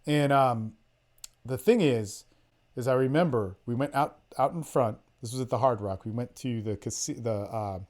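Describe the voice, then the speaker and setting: A male dating coach holds forth on a group call, swearing freely as he tells his stories. He slips into quick quoted lines from other people and then drops back to his own easy, mid-pitched voice. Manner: profane, animated storytelling, quoting others in quick bits. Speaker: podcast host, dating coach. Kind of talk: casual storytelling on a group call.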